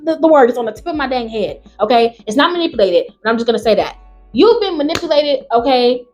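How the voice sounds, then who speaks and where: A woman hosts a story-reading show with a fairly high voice. She reads quietly, then breaks into loud, swearing rants with her pitch swinging widely. Faint music plays underneath. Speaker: channel host. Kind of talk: reading online stories aloud and reacting.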